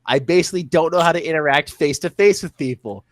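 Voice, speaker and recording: A man's voice: a little high, fast, no room sound. A young man co-hosting a podcast, talking bluntly and swearing freely in casual chat. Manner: blunt, profane, self-deprecating. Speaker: podcast co-host.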